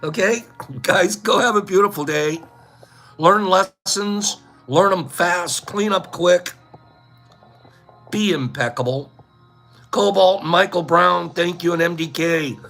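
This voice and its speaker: A man hosting a casual livestream, playfully rambling through shout-outs to viewers by name. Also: high-pitched, slow pace, pauses often, soft background music. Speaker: livestream host. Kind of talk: casual livestream chat, reading out viewer names.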